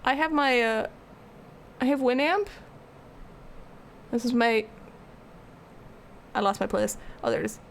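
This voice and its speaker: A woman's voice: on the high side, unhurried, pauses often, slight background noise. A young woman art streamer rambling casually as she answers her live chat.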